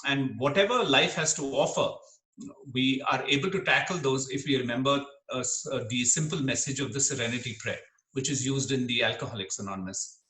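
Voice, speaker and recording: A middle-aged man from Kerala, speaking as an interview guest in an earnest, animated way and laughing easily. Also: medium pitch, a little fast. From Kerala, India. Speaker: interview guest, dermatologist and comedian. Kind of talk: reflective interview talk. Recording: echoey room.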